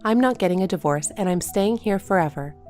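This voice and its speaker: A woman telling a first-person story in a calm, matter-of-fact way. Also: medium pitch, fairly quick, faint music behind. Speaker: narrator.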